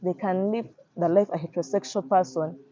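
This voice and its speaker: Speaking briskly in a warm, steady, fairly low voice, this young activist with a Ugandan accent shares a personal testimony with earnest conviction. Phrases come back again and again, and she performs quoted voices. The recording sounds slightly muffled.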